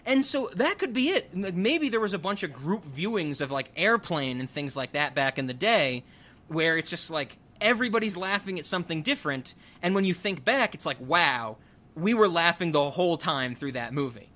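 A man's voice: sits high, expressive, a little fast, sharp tone. A young man hosting a podcast, chatting casually with lots of fillers and asides. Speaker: podcast host. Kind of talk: casual chat.

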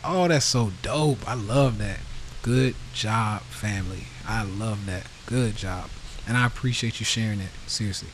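A man's voice: lowish voice, unhurried, slight background noise, poor audio. A man hosting a podcast, ranting in a blunt, profane, heated way and answering live comments from his audience. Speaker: podcast host. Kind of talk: casual rant to a live audience.

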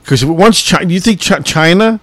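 A man's voice: high voice, lively intonation, moderate pace, fairly bright tone, no room sound. An older man co-hosting a podcast, blunt and argumentative in casual chat. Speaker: podcast co-host, father.

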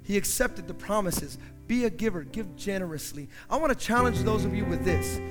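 A man preaching from the pulpit with a striking, very high voice, impassioned and dramatic as he acts out quoted voices. A piano plays clearly under his sermon in the church sanctuary. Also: expressive, a little fast. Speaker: pastor. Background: piano playing.

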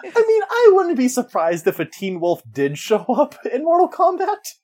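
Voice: high voice, wildly swooping pitch, moderate pace, darkish tone, a little hiss or hum. A co-host chatting casually, sharing trivia in a playful way. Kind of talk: casual chat.

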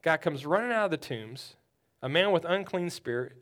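A male pastor preaching a sermon. He swings from loud urgency to hushed storytelling, often repeating words as he builds. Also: fairly high pitch, lively intonation, moderate pace.

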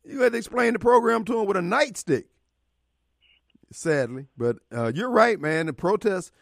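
A Mississippi man hosts a call-in radio show, talking bluntly and preaching his point with emphatic laughs. His voice sits high and swings widely in pitch. The studio sound is close and dry. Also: lively intonation, normal speed, creaky, dry recording. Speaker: radio talk show host. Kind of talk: opinionated call-in radio talk.

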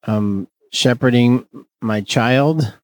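A man's voice: mid-range voice, drawn-out words, no room sound, poor audio. A man co-hosting a casual beer podcast, rambling with lots of fillers and slipping into jokey silly voices. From Fresno, California. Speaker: podcast co-host.

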